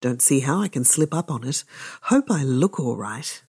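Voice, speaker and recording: A woman voicing a wary, scheming middle-aged detective who mutters gruffly to himself. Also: extremely low pitch, lively intonation, normal speed, a little mellow, exaggerated voice. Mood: muttering.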